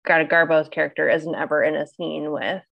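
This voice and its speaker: A woman's voice: deep voice, steady tone, fairly quick, creaky, lo-fi sound. A woman co-hosting a casual film-chat podcast, talking loosely with lots of fillers and laughs. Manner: chatty, many fillers, laughs often. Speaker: podcast co-host.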